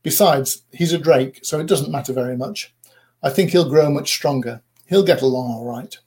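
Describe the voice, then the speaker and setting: A man's voice: medium pitch, moderate pace, darkish tone, lightly acted. A man voicing a fussy, proud mother duck who scolds, bosses and protects her brood in a storybook reading. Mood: pleading.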